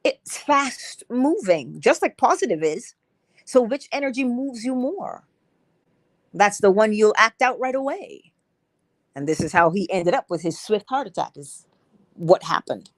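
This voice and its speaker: A woman reading a spiritual lecture aloud as a bedtime narration, expressive, with shifting pace and emphasis. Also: a little high, unhurried, pauses often, dry recording.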